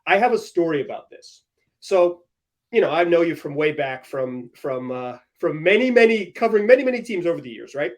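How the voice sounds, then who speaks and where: Fairly high-pitched and brisk, this young podcast host chats casually about sports. He's an energetic, animated storyteller who laughs along the way.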